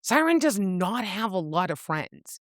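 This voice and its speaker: Lively woman recapping a book, swearing freely. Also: unhurried, dry recording, clean studio sound. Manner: animated storyteller, swears freely, acts out quotes with pitch jumps. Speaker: podcast co-host. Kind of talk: casual book recap chat.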